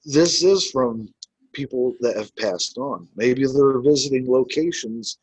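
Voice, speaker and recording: A man's voice: mid-range voice, a little slow, darkish tone, husky, dry recording, poor audio. A man who investigates the paranormal, telling his stories in a casual, rambling way with many filler words. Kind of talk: casual storytelling.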